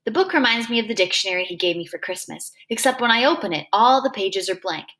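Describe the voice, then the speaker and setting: A woman's voice: mid-range voice, lively intonation, quick pace, a bit bright. A woman reading a novel aloud in a plain, conversational first-person telling. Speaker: reader.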